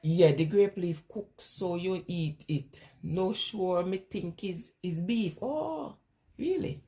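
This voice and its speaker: A woman's voice: fairly low pitch, slow pace, dark tone. A woman, chatting casually as a vlogger, telling rambling stories, laughing often and answering viewer questions. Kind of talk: casual chat.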